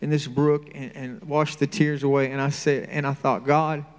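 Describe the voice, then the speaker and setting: A man's voice: little pitch movement, moderate pace, clean tone, big-room sound. A man sharing an emotional personal testimony at a church service, heartfelt and building in intensity. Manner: heartfelt, rising in pitch and intensity. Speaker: church member giving testimony.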